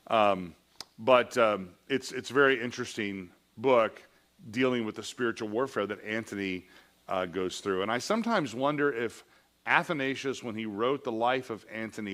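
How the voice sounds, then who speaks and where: A man's voice: medium pitch, bright, forceful tone. A man teaching a Sunday School class in a church, reading passages aloud and explaining them in a conversational way, often asking "all right?".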